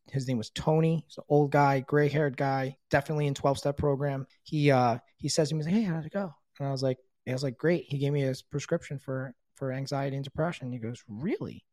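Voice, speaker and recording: A man's voice: a little high, no room sound. A middle-aged man candidly telling his own recovery story, swearing freely and acting out the people he quotes. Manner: candid, frequent swearing, quotes others in dialogue; grows quiet and subdued in emotional moments. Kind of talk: personal storytelling.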